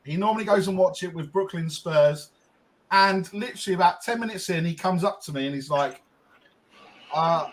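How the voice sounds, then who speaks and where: A man's voice: sits high, normal speed, rough recording. A man co-hosting a podcast, telling a long casual story with lots of ums and restarts. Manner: rambling, frequent ums and restarts. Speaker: podcast co-host.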